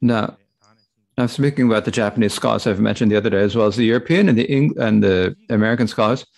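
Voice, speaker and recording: Halting gravelly man interpreting a Dharma talk. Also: fairly low pitch, darkish tone. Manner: halting, with frequent restarts and fillers.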